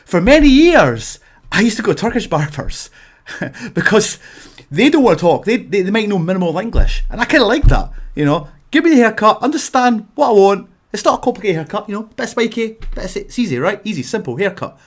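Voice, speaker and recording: A man with a Scottish accent telling exaggerated comic rants to camera, animated and emphatic, sometimes bursting into shouts. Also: sits high, brisk. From Scotland. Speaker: vlogger.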